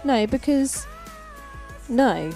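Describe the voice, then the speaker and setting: Giggly woman with a lively high voice. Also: extremely slow, soft background music. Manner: giggly, laughs often. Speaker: co-host. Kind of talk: casual livestream chat.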